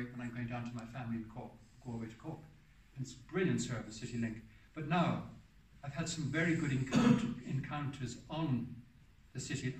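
An older man in his seventies, a hermit giving a public talk, tells anecdotal stories in a roomy hall with a medium-pitched voice. He rambles, often restarting and correcting himself. The recording sounds roomy, picked up by a distant mic.

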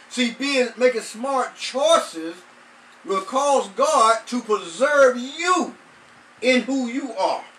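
A man's voice: sits high, fairly bright tone, distant mic, slight background noise, low-quality recording. A man, a pastor, preaching a sermon, repeating phrases and stretching out words for emphasis. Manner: repetitive emphatic preaching, drawn-out stresses.

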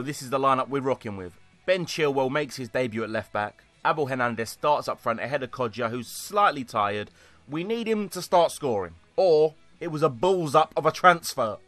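A young man commentating his own football video game, excitable, shouting at goals and swearing. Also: mid-range voice. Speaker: gaming YouTuber. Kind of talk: gameplay commentary. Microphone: desktop USB microphone.

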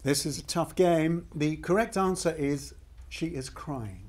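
This is a man playing a chirpy game show host, leaning on each line with upbeat emphasis. His voice sits a little high for a man. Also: a little slow, darkish tone. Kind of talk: scripted game show hosting.

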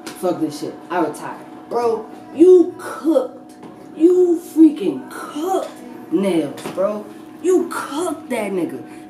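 A woman battle rapper speaking in a blunt, profane, emphatic way during a casual interview. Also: a little high. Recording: echoey room, distant mic, noisy.

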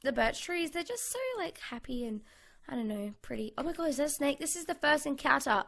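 A young Australian woman gives chatty gameplay commentary into a desk mic at home. Her voice sits high and bright, with a gravelly fry under the words. She rambles cheerfully and talks her thoughts aloud. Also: expressive, a little fast. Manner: chatty and bubbly, thinking aloud with fillers. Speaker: gaming channel host. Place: home bedroom. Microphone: USB condenser mic.

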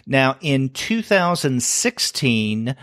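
A middle-aged man co-hosts a podcast, chatting casually about comics reviews and thinking aloud with fillers and restarts. His mid-range voice swings widely in pitch, with a fairly bright tone and a slow pace. The recording is dry and clean, with studio sound.

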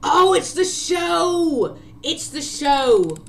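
A woman playing a video game and commenting in a chatty, excitable way, often talking to the characters. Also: high-pitched, drawn-out words. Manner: chatty, excitable, talks to her game cat. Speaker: let's play gamer. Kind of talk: let's play commentary.

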